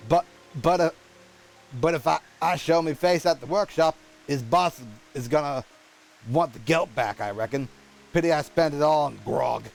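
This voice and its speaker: A man voicing a gruff, hard-drinking male gunsmith instructor in a put-on rough British accent, reading game dialogue aloud and stumbling over words. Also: a little high, normal speed, low-quality recording. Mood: grumbling. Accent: put-on rough British-style.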